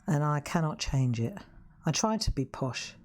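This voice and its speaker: A woman's voice: sits low, animated, moderate pace, darkish tone. A middle-aged woman with a Southern English accent, hosting a live craft demonstration in a chatty, self-mocking way and laughing often. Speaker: craft show host. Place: craft room.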